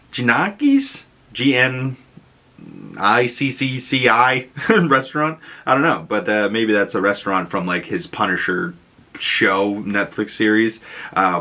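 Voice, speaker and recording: A man hosting a casual trailer breakdown as a YouTube reaction host, talking in an excitable, rambling way full of fillers and laughs. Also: lowish voice.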